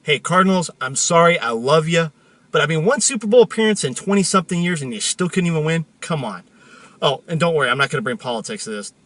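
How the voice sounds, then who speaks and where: A bright, forceful male voice sitting a little high, with an animated, joking delivery. He hosts the show and tells a story casually from inside a car. The talk is loose and chatty. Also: fast talker. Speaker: host.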